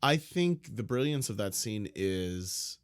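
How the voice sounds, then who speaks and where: A man with a fairly low voice co-hosts a podcast in a loose, casual chat. He tells stories playfully and in close detail. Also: sing-song, slow pace, clear, resonant tone. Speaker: podcast co-host.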